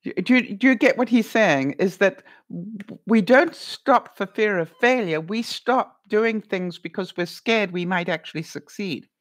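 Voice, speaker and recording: A middle-aged woman chatting on her livestream, musing aloud with plenty of ums and questions for her viewers. Her pitch is mid-range, her delivery animated and conversational. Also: measured pace, few pauses. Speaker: vlogger reading viewer comments. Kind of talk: casual livestream chat.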